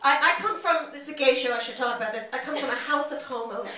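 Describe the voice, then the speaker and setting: A woman with a New York accent performing a stand-up comedy set on a club stage, talking loud, brash and animated, swearing freely. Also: sits high, fast. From New York, USA. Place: large comedy club stage, audience laughing. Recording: echoey room, from far off, noisy.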